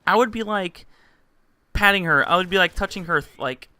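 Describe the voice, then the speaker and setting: A man's voice: sits high, moderate pace, pushed and bright, smooth, dry recording. A young man casually telling a rambling story to camera, full of fillers and acted-out quotes. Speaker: vlogger.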